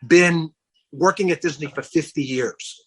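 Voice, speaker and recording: A middle-aged man tells his story as a podcast guest, acting out the lines he quotes. His voice is husky and sits a bit high for a man. He talks in a loose, animated way. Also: a little slow. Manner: animated storyteller who acts out quoted dialogue. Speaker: guest, campaign founder. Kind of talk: casual podcast interview.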